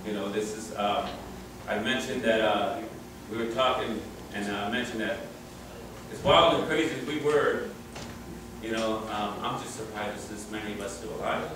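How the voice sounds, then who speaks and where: A middle-aged man with a lowish voice, talking at normal speed, tells rambling stories to a crowd at a reunion in a room. He chuckles and restarts often in this casual storytelling speech, and the recording is very echoey, distant and noisy.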